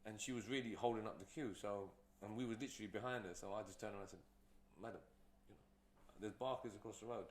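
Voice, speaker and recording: A man's voice: fairly low pitch, fast, few pauses, slight background noise. Rambling man, roomy echo. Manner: rambling, storytelling, frequent fillers. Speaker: entrepreneur guest. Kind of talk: casual interview talk.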